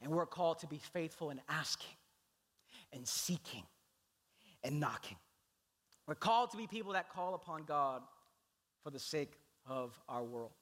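A male pastor preaching a sermon, telling the story with animated delivery. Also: a little high, moderate pace, pauses often. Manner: animated storytelling, acts out voices.

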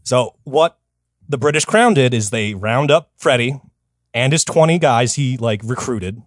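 A man's voice: medium pitch, a little slow, no echo, clean studio sound. A man hosting a comedy history podcast, telling the story casually, swearing freely and acting out the people in it. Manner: animated, swears freely, acts out quoted figures.

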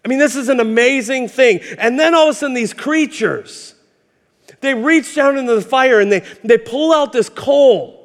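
A man with a notably high voice delivers an impassioned sermon, telling stories and repeating words as he builds momentum. His voice rings with the long reverb of a church sanctuary. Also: moderate pace. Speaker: pastor. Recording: hall reverb.

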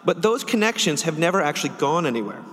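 Brief: male host, a touch high-pitched, measured, long reverb. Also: sing-song, a bit bright. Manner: steers the talk, reads listener letter aloud. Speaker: podcast host. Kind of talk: casual chat.

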